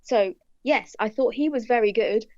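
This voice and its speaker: A woman's voice: a little high, normal speed, darkish tone, no room sound. Frank woman on a dull call line. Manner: frank, opinionated. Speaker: podcast guest. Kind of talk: casual film chat. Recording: dull, dry remote call audio.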